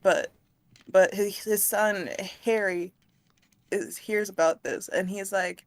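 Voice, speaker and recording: A woman's voice: mid-range voice, fairly even intonation, slow pace, no echo. A woman co-hosting a casual chat, telling a silly story in a rambling way, giggling and tripping over words. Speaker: co-host. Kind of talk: retelling a silly made-up story.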